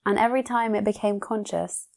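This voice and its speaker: A woman's voice: medium pitch, fairly quick, gravelly, darkish tone. A woman hosting a solo podcast, talking earnestly in a coaching way and asking herself rhetorical questions. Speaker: podcast host. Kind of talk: reflective solo podcast talk.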